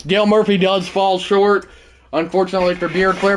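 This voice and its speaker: A man hosting a live stream, calling a video game baseball match, shouting at big moments and mumbling goodbyes to chat. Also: moderate pace, slight background noise. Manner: excitable, shouts celebrations then drops to low mumbles. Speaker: livestream host.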